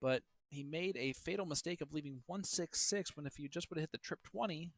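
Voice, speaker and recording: A man's voice: fairly high pitch, fairly quick, dry recording. Chatty joking male darts commentator. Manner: chatty, joking, teasing banter. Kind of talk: live play-by-play commentary.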